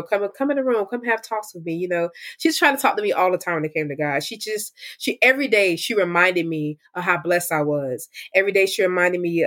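A young woman tells her faith story as an interview guest, speaking candidly and with feeling. Her voice sits a little low for a woman, and she talks in a loose, conversational way. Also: fairly bright tone. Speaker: guest sharing testimony. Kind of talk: personal testimony interview.

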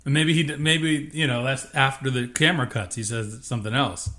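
Relaxed rambling podcast co-host man. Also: medium pitch, fairly quick. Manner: relaxed, rambling, hesitant with fillers. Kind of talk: casual chat.

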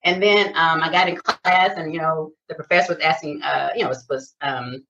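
A middle-aged woman from Detroit, a chiropractor, telling lively stories in a casual interview. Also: sits low, normal speed, noisy background. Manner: animated storyteller, acts out quoted voices. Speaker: guest, chiropractor. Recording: distant lo-fi sound.

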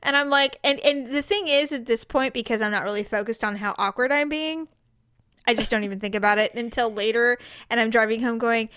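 A woman co-hosting a podcast, telling a funny story about herself in a lively, self-mocking way. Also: on the high side, fairly quick, clean tone, no echo, studio quality. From Mexican heritage. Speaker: podcast co-host. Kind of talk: casual chat, storytelling.

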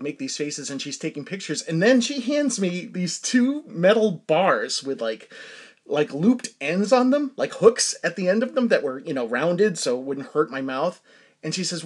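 A man's voice: on the high side, husky. A middle-aged man from Massachusetts hosting a podcast, telling rambling stories in casual chat and laughing often. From Massachusetts, USA. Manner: rambling storytelling with frequent laughs. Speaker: podcast host. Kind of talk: casual solo monologue.

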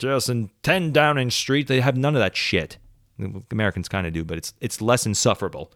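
A man's voice: medium pitch, no room sound, studio quality. A man hosting a solo podcast, ranting sarcastically with plenty of swearing. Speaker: podcast host.

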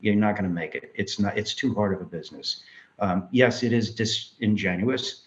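A man with a fairly low pitch talks at a normal speed over dull audio. He's a filmmaker from New York, telling his life story in an interview and voicing the people in it like an animated storyteller.

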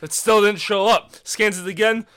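Guy with a high bright voice ranting through a story, swearing a lot, casual chat. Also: moderate pace, clean tone. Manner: animated, swearing, mimics people in stories.

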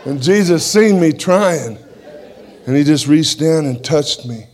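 A man giving a church testimony, telling his story in an animated way and punctuating it with "amen" as he speaks. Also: mid-range voice, unhurried, long pauses, a faint crowd.

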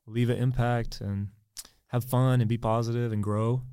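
A man's voice: mid-range voice, moderate pace, clear, resonant tone, no echo, clean studio sound. A man from Texas, a podcast guest, talking casually with a Southern American accent and lots of "like" fillers. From Texas, USA. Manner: relaxed, frequent "like" fillers. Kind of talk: casual conversation.

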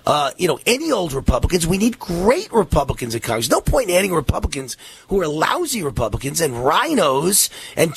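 A worn-out, breathless man runs his radio talk show, his voice a little husky. He rambles eagerly from one plug to the next, stumbling through fillers and restarts. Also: fairly high pitch. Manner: rambling, energetic, many fillers. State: out of breath, tired.

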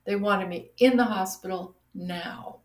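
Middle-aged woman, guest storyteller, animated delivery, echoey room, mid-pitched voice. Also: unhurried. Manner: animated, acts out quoted voices. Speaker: guest sharing her story. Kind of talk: casual personal storytelling. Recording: roomy echo.

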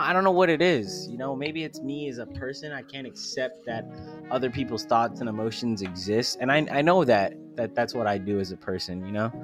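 A young man co-hosting a podcast, ranting bluntly with lots of swearing. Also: medium pitch. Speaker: podcast co-host. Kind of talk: casual chat.

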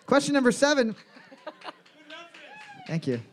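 A man's voice: extremely high pitch, big pitch swings, a little slow. A man hosting a trivia game, joking crudely and reading each question twice. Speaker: trivia host. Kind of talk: casual comedic trivia banter.

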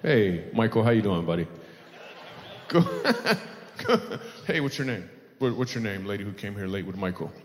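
A man's voice: fairly low pitch, very animated, moderate pace, long pauses, a little hiss or hum. A male stand-up comedian doing teasing crowd work on stage, laughing often at his own jokes. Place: live comedy venue. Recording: long hall reverb.

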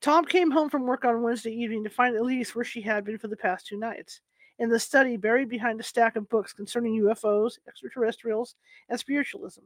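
A woman reads an audiobook in a steady voice, with the occasional slip and restart. Her voice sits a little high and the recording is close and dry. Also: fairly quick, dry recording. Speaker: audiobook narrator. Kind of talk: audiobook narration.

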